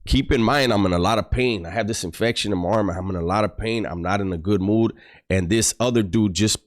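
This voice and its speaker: A man's voice: on the low side, a little fast. A man telling a story from his past in a casual, blunt, streetwise way. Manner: blunt, profane, streetwise, acts out quotes.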